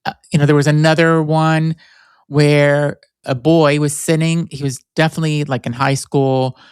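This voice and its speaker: Male solo podcast host, smooth and dry, rambling storyteller with lots of "like". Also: on the high side, little pitch movement, moderate pace, no echo. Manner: rambling storyteller, frequent "like" fillers. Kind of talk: solo conversational podcast talk.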